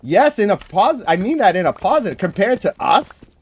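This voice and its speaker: A man's voice: high-pitched, very animated, fairly quick, a little mellow, slightly rough. Boston man, joking livestream host. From Boston area. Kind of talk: casual chat.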